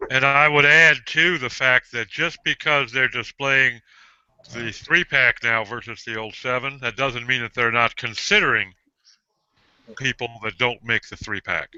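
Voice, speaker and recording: Very bright, crisp man's voice. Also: medium pitch, steady tone, measured pace, no room sound. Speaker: panelist. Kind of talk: casual group video chat. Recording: dry, dull call audio.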